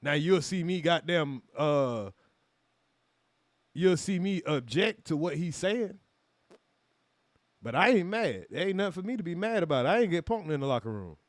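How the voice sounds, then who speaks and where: A man's voice: fairly high pitch, sing-song, normal speed, pauses often, no room sound. Profane, fired-up male reaction host. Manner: heated, profane, rhetorical questions, calls out chatters. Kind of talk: commentary monologue to a live chat.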